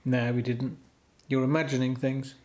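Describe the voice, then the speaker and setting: A man's voice: medium pitch, level tone, moderate pace, a little mellow. A man co-hosting a casual chat show, rambling along with hesitant restarts and a self-deprecating touch. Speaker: co-host.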